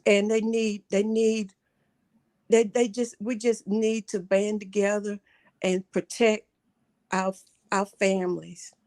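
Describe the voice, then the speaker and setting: A middle-aged woman calls in to a livestream talk show. She talks earnestly, stopping and restarting, circling back over her words in a voice of everyday pitch. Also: flat delivery, warm tone. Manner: earnest, halting, repeating herself. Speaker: caller.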